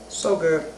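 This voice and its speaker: A woman giving a casual, enthusiastic cooking how-to demonstration at home, chatty and getting excited. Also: medium pitch. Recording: roomy echo with faint background noise.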